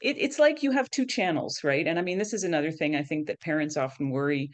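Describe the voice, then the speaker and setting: A middle-aged woman with a notably low voice talks as a guest expert in a conversational podcast interview. She explains ideas patiently and keeps tagging her points with "right?". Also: quick pace, hardly any pauses. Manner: explanatory, frequently adds "right?". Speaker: guest education professor.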